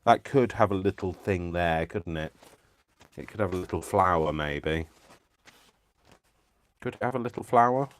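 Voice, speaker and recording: A man's voice: deep voice, moderate pace, pauses often. A man hosting a live crafting stream, chatting playfully and giggling as he works. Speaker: craft channel host. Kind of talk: casual live-stream chat while crafting.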